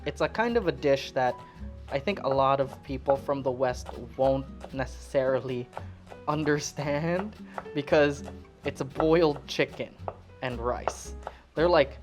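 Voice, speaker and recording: A woman's voice: normal speed, soft background music. A woman in her late twenties chatting casually while cooking, joking, swearing and rambling. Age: late 20s. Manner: lively, jumps up high when excited. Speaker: cooking vlogger.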